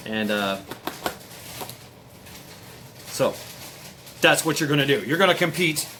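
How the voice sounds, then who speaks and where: A man's voice: fairly high pitch, expressive, slow pace, background noise. A man casually retelling a myth, rambling and hesitant with many fillers. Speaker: storyteller.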